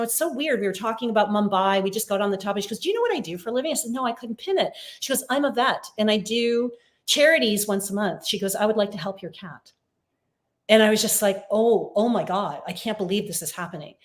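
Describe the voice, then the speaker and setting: A woman, a psychic medium, talking casually in an interview over a video call and telling stories with plenty of fillers. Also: on the high side. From Canada. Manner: chatty, warm storytelling with many fillers.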